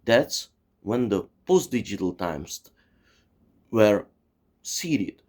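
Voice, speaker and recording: A man's voice: on the low side, big pitch swings, drawn-out words, darkish tone. A man in his forties from Czechoslovakia, delivering a swearing, digressive monologue full of "you see" and "you know". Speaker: channel host. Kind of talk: profane rambling monologue.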